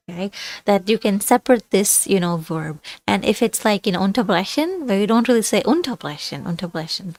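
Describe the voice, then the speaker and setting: A woman tutoring through a course book in a casual study-along lesson, chatty and quick to skip busywork. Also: mid-range voice, no room sound. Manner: chatty, dismissive of busywork, mixes textbook reading with explanation. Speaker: language tutor.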